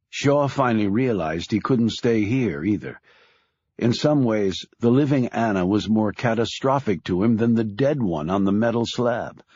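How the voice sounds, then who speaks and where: Grave husky male audiobook narrator. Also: darkish tone, no echo, highs cut off. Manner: grave, measured, dropping low on sad lines.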